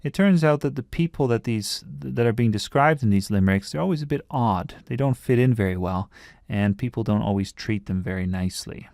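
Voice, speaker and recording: A man's voice: medium pitch, a little fast, gravelly, darkish tone, no room sound, clean studio sound. A man teaching a writing lesson, explaining patiently and breaking off now and then to restart a thought.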